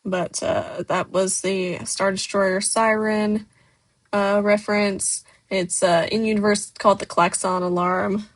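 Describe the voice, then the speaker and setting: A woman's voice: mid-range voice, flat delivery, unhurried. A woman hosting a casual livestream, reading chat messages aloud and answering them in a loose way, with many fillers. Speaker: stop-motion creator hosting a livestream.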